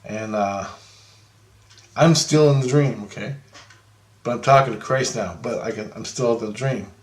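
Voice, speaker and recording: A man telling a rambling, profane story about a dream, animated and laughing often. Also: medium pitch, normal speed. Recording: roomy echo.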